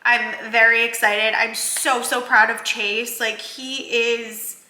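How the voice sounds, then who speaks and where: This is a tearful vlog from a thirtysomething working mom in New Jersey, who cries and rambles casually to the camera with restarts and fillers. Her slightly high voice is sharp in tone, and her delivery is flat and slow. The room gives off a roomy echo.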